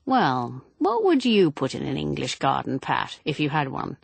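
A woman's voice: low-pitched, wildly swooping pitch, moderate pace, vocal fry, husky, dry recording, heavily acted. A woman reading Lance, a pressing young husband. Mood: casual. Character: protective young husband, brisk and urgent. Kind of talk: audiobook character reading.

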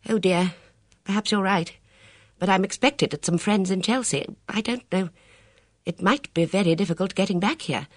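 A woman's voice: medium pitch, moderate pace, no echo, clean studio sound, voice pushed up, lightly acted. A reader voicing a hesitant, fretful middle-aged lady in an audiobook, raising the voice well above his own. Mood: dithering. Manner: uncertain, dithering. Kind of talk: audiobook character voice.

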